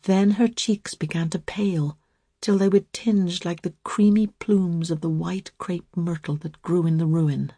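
A woman reading a story aloud as narrator, slow, calm and measured. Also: fairly low pitch, husky, no room sound.

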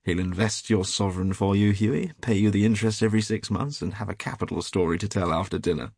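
A man's voice: on the low side, quick pace, gravelly, a little mellow, husky, no echo, studio quality. A man doing a teasing worldly painter.

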